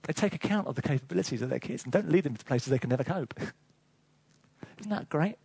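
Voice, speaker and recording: Husky high-voiced male preacher. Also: fairly quick, no room sound. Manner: lively storytelling with chuckles, asides to the congregation. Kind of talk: sermon.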